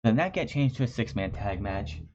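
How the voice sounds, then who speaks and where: A man's voice: fairly low pitch, lively intonation, fairly quick, a little mellow, slight background noise. A man reviewing a wrestling show in a chatty, sarcastic way, often restarting his phrases. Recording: dull lo-fi recording.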